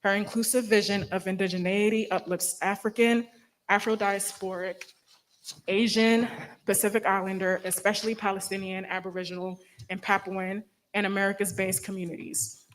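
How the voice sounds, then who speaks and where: A woman moderating a symposium, reading speaker introductions in a steady, measured way. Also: mid-range voice, poor audio.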